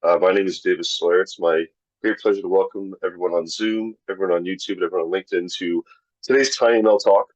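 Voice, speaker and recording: A man's voice: sits low, fairly even intonation, quick pace, no room sound, low-quality recording. A man hosting a live online tech talk, introducing speakers and reading sponsor lists in an upbeat way. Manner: upbeat, reads sponsor lists, some restarts. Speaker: webinar host. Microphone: video call.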